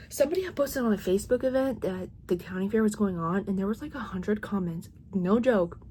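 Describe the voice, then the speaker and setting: A woman's voice: medium pitch, darkish tone, slight background noise. A woman in her thirties, a crochet vlogger, chatting casually at home and rambling with lots of "like" and restarts.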